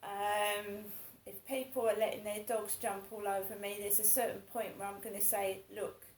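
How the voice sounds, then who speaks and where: A woman's voice: medium pitch, little pitch movement, normal speed, echoey room, a little hiss or hum, rough recording. A woman in her fifties talking in a casual monologue, rambling and repeating herself in an aggrieved way. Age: 50s. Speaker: vlogger.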